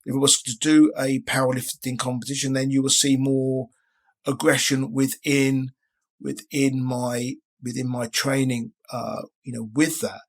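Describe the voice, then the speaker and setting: A man's voice: medium pitch, level tone, unhurried. A man around sixty, a guest in a casual interview, talking in a rambling way with many restarts. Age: 60s. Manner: rambling, frequent restarts and filler phrases.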